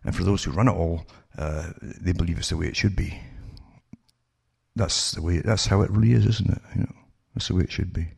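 Gravelly low-voiced sardonic man. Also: a little fast, darkish tone. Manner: sardonic, rhetorical questions to listeners. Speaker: political commentator. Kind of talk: monologue reading and commenting on news articles.

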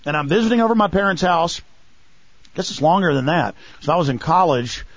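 A man with a high voice talks fast and heatedly on a radio show, sarcastic and mocking. The sound is dry and a little dull, like lo-fi broadcast audio. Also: lively intonation, no room sound. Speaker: radio talk show host.

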